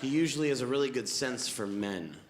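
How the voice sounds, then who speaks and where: A man in his late twenties telling a stand-up set, animated storytelling with mumbled asides. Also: mid-range voice, a little fast, roomy sound, crowd noise, noisy background. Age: late 20s. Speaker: stand-up comedian. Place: comedy club stage before a laughing audience.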